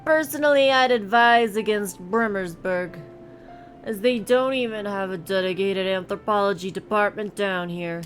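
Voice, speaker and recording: A woman's voice: medium pitch, close to an everyday voice. A woman voicing a short, affable male anthropology professor in a bad put-on Boston accent.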